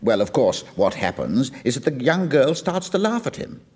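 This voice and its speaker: A man explains a song to his listeners, telling its tale with an animated, rising and falling voice. He slips into the characters' lines as he goes, and his speaking pitch sits in the middle range. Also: moderate pace, husky, faint music behind. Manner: storytelling, lively, acts out quoted lines. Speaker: music lecturer. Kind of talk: explaining a song with acted quotes.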